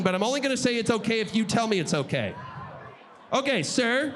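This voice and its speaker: High-voiced man calling auction bids. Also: lively intonation, slight background noise. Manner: rapid bid chant, often shouting. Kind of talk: live charity auction calling. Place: gala event hall.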